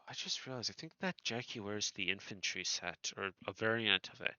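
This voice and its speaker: A man's voice: lowish voice, lively intonation, a little fast, hardly any pauses, sharp tone, no echo. Male game streamer, casual wry asides, dull lo-fi dry audio. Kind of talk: casual gameplay commentary.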